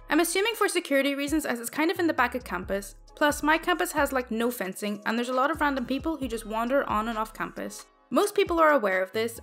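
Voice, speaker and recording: A woman's voice: high voice, fairly bright tone. A woman reading reddit stories aloud in a wry, conversational way. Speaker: reddit story narrator.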